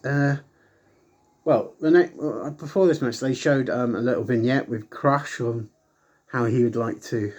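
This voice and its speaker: A man casually reviewing an old wrestling broadcast, rambling with lots of ums and acting out quoted lines. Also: medium pitch. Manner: chatty, rambling with frequent ums; animated, acts out quoted lines.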